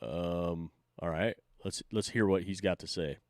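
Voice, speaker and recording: A man's voice: deep voice, unhurried, no echo, studio quality. A man hosting a stream, reacting to clips with loose, sarcastic, swearing commentary. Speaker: stream host.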